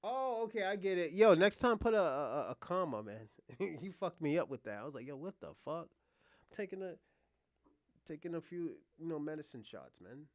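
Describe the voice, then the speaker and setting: A man from the United States hosting a livestream, giving blunt, profane casual commentary and talking back to his chat in loud bursts. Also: fairly high pitch, very animated, moderate pace, dry recording, studio quality. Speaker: livestream host.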